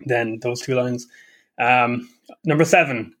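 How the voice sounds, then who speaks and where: A man's voice: mid-range voice, steady tone, moderate pace, pushed and bright. An Irish man co-hosting a casual chat, joking, profane and laughing often. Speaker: podcast co-host.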